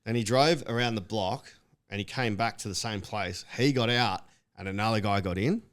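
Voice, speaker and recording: Man, young adult, lowish voice, slangy casual storytelling, swears a lot. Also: moderate pace, fairly bright tone. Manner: laid-back slangy storytelling, swears freely. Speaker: comedian and podcast co-host.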